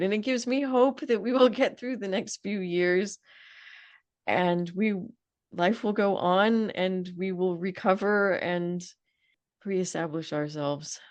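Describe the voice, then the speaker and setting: A woman's voice: mid-range voice, dry recording, muffled recording. A woman hosting a podcast interview, talking earnestly and at length in casual conversation. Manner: earnest, talkative. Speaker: podcast host. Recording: dry close sound.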